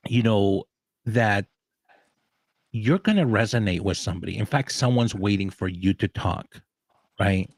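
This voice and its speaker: A man who grew up in the American South, speaking in a relaxed, encouraging panel chat with frequent pauses. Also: lowish voice, no room sound. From Southern United States. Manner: encouraging, reflective, many pauses. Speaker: guest speaker.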